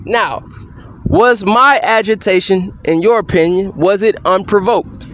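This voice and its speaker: High-voiced man pressing pointed questions. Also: a bit bright, slight background noise. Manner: pointed leading questions, repeatedly asking "correct?"; measured, insistent. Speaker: person questioning a police officer. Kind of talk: courtroom-style cross-examination.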